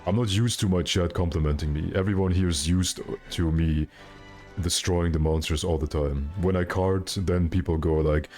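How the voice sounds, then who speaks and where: A man's voice: low voice, fairly even intonation, moderate pace, a little mellow, faint music behind. A man streaming a game, chatting casually with his viewers in a joking, self-mocking, rambling way. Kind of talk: casual live-stream chat.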